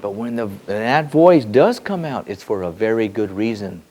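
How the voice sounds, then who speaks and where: A man giving a spiritual teaching in a loose, repeating way, swinging between soft musing and sudden excited bursts. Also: lowish voice, normal speed. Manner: repeats words and restarts often. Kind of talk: spoken teaching to a group.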